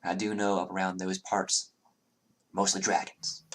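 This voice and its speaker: An unnervingly polite tavern keeper, as a man puts him on, trading town gossip in a very low, deep voice. He talks with a hesitant, chatty manner, full of fillers. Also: little pitch movement, unhurried.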